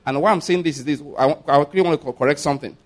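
A man preaching a sermon in a slightly higher-than-usual voice. He reads scripture slowly and with mounting emphasis, then breaks off to explain it at a brisk pace. He speaks straight to his congregation and asks them to repeat words back. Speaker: pastor.

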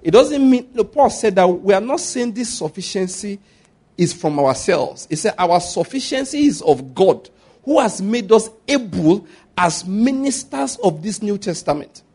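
Here the same Nigerian-accented, middle-aged pastor delivers his sermon in a husky, high-sitting voice at an unhurried pace. He stays animated throughout, chuckling at the stories he tells.

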